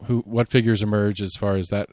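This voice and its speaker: Man, low voice, rambling opinionated podcast host, dry close sound. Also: flat delivery, brisk, dry recording. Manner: rambling, opinionated, thinks out loud. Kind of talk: solo political commentary.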